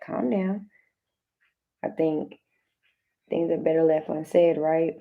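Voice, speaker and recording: Gravelly low-voiced woman reading tarot. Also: fairly even intonation, takes it slowly, narrow, tinny audio. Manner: loose, slangy and direct, talks straight to the listener; repeats phrases and restarts often. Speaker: tarot card reader. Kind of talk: casual tarot reading addressed to viewers.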